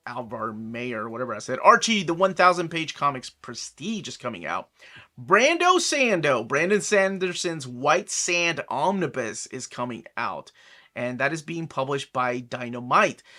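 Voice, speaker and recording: A man's voice: fairly high pitch, sharp tone. A man in his forties with an American accent, casually running down upcoming comic releases with chatty asides and self-corrections. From United States. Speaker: comic book collector host. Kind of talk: casual product rundown.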